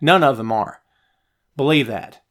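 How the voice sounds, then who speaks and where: A man's voice: mid-range voice, a little slow. Chatty man hosting a wrestling stream. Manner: chatty, animated, reads viewer comments aloud. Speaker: podcast host. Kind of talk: live-stream chat with viewers. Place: hot home office. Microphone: headphones, phone nearby.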